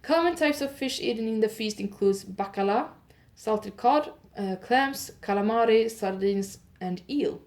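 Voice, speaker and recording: A woman hosting an audio advent calendar show. She reads holiday facts in one improvised take, pauses with "uh" to fix her pronunciation, and adds chatty asides to her listeners. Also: fairly high pitch, a little mellow. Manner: reads steadily, stops often with "uh" to correct her pronunciation.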